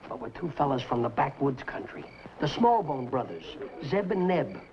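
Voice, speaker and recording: A man's voice: medium pitch, big pitch swings, moderate pace. A young man playing a brash, bossy comic lead in a 1950s sitcom. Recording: dull, hissy 1950s TV soundtrack.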